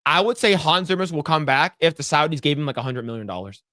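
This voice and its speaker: A man co-hosting a podcast in casual chat, animated and profane, with sudden leaps into a much higher voice when acting out reactions. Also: fast talker, dry recording, studio quality. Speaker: podcast co-host.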